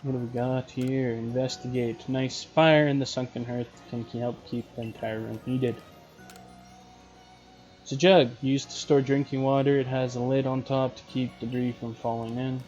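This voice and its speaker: A young man talks through a game in a relaxed let's-play, reading on-screen text aloud and adding his own asides. His voice is dark and mellow. The recording sounds muffled and lo-fi, with faint game music underneath. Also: mid-range voice, normal speed. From Canada. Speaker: gaming channel host. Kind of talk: casual let's-play commentary.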